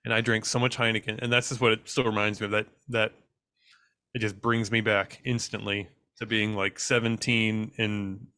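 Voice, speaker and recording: A man's voice: lowish voice, flat delivery, normal speed, bright, forceful tone, clean tone, no echo, clean studio sound. A man co-hosting a podcast, chatting loosely with swearing and rambling anecdotes, laughing along. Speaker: podcast co-host. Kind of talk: casual chat.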